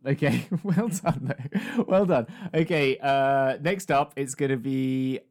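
A man casually hosting a party game, laughing often and tossing quick asides. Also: medium pitch, darkish tone. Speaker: game host.

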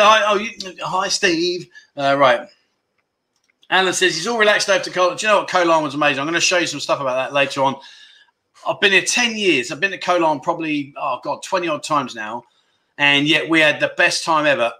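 Chatty male livestream host, bright timbre, self-deprecating banter with viewers. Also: fairly high pitch. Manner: chatty, jokey, self-deprecating, reads comments aloud. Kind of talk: casual chat reading viewer comments. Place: home livestream setup.

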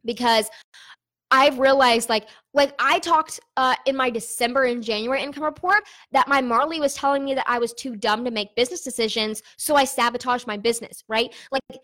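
A woman's voice: on the high side, fairly quick, a bit bright. A young woman running an online business, talking candidly and chattily to her viewers in a casual vlog, with lots of fillers.

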